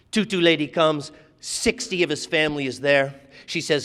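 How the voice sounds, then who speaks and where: A man telling a dramatic story at a live event, swinging from lively to hushed. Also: on the high side, normal speed, hardly any pauses, clean tone. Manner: animated, acts out voices, drops to hushed tones. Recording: live hall with long reverb.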